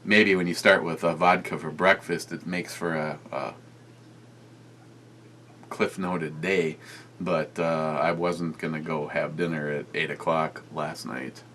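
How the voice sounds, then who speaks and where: A man with a very low voice talks casually into his camera for a beer-review vlog. He rambles, trails off and restarts his sentences, padding them with fillers. A faint hum sits underneath. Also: little pitch movement, a little slow, sharp tone.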